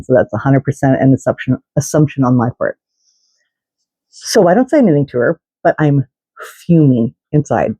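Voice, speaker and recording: A woman's voice: a bass voice, mellow, slightly rough, dry recording, low-quality recording. A woman vlogger telling a story in a casual, indignant way, swearing and restarting her sentences.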